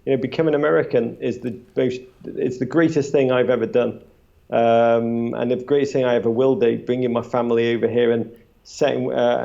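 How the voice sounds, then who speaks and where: A man's voice: medium pitch, creaky, warm tone, lo-fi sound. A man who makes a podcast, telling chatty stories to a live audience, full of restarts and acted-out quotes. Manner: chatty, many restarts, acts out quotes with a raised voice. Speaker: podcast creator on a live panel. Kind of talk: animated storytelling at a live event. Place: small event space before a live audience.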